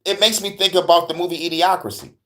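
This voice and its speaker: A man's voice: high voice, quick pace, slight background noise. A young man hosting an online talk show, reacting in casual, profane slang and laughing often. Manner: animated, laughing, swearing, slangy. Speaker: host.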